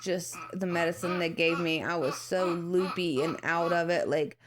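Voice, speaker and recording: A woman in her thirties talks casually to her viewers in a fairly low voice. She rambles with plenty of fillers and restarts, and she acts out the voices of the people in her story. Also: fairly even intonation, moderate pace, a loud crowd. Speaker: vlogger.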